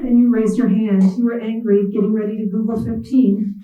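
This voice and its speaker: A writer giving a measured, wry literary reading in the second person. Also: medium pitch, fairly even intonation, warm tone, echoey room, far from the mic, poor audio. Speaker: visiting writer. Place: reading event hall.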